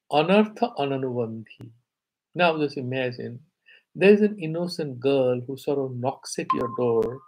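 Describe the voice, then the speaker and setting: A man with a husky, slightly breathy voice and an Indian English accent gives a live scripture lecture. He explains patiently and lifts his voice to chant Sanskrit verses. His pitch sits in a middle range for a man. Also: darkish tone, rough recording. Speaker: teacher of scripture.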